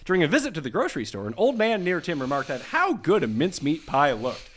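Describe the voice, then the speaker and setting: A man's voice: fairly high pitch, huge pitch swings, quick pace, slight background noise. A man co-hosting a podcast, reading out award results and teasing his co-host. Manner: teasing, prompting.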